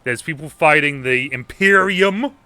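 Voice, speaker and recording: A man's voice: on the high side, unhurried, pushed and bright, dry recording. A man hosting a casual movie review podcast, rambling through a recap with lots of ums and acted-out quotes. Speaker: podcast host.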